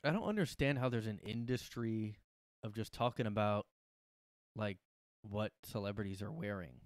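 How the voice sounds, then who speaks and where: A young man talks in a low, rambling voice as he hosts a comedy podcast from his room. He is sarcastic and profane, and the sound is dry and close. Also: moderate pace, no echo. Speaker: podcast host. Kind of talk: casual comedic monologue.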